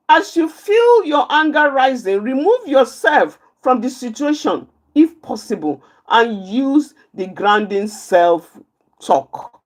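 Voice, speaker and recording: Woman speaker, unhurried and deliberate, repeats each point for emphasis while teaching a live group. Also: high-pitched. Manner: repeats key phrases, slow and emphatic, points out positions with her hands. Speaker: outreach speaker teaching anger management.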